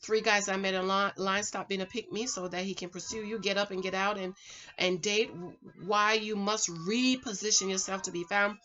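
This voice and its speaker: A woman's voice: mid-range voice, moderate pace, highs cut off. A middle-aged woman, chatting casually to camera at home, giving preachy dating advice. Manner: chatty, preachy, animated, talks straight to the viewer. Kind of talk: casual vlog chat.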